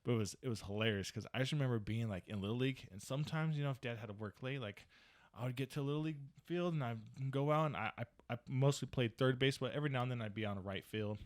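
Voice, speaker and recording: A man in his thirties chats on a podcast, telling stories from his youth. He is animated, acts out the people in them, and swears freely. His voice sits at an everyday middle pitch. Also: fast talker. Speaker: podcast co-host. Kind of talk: casual storytelling chat. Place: podcast studio.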